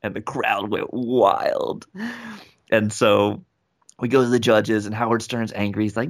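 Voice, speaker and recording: A man's voice: on the low side, measured pace. A young man, a rapper, telling a story in a casual interview and acting out the people in it. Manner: animated, acts out quoted voices. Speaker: guest, rapper and speaker.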